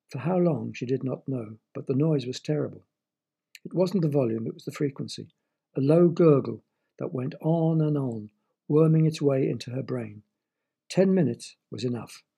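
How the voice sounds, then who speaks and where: A man narrating a short story in a measured, expressive storybook reading. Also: mid-range voice, vocal fry, breathy edge.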